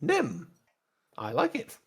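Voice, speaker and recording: A man doing a small servile robot droid in a tabletop game, pitched well above his own voice and swinging widely. It speaks stiffly, formally and earnestly. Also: huge pitch swings, takes it slowly, a bit bright, husky, exaggerated voice. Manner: stilted, formal robotic phrasing.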